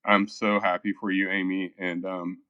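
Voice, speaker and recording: Very deep, flat, hesitant man. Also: normal speed, dry recording, muffled recording. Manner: soft-spoken, hesitant, full of ums. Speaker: featured artist. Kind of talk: casual voice-chat talk.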